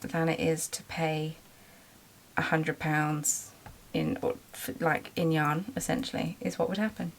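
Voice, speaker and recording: A woman's voice: low voice, little pitch movement, measured pace, creaky, a little hiss or hum. A woman running a small craft business, talking in a chatty, rambling way with lots of ums in a casual vlog. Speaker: small business owner and vlogger.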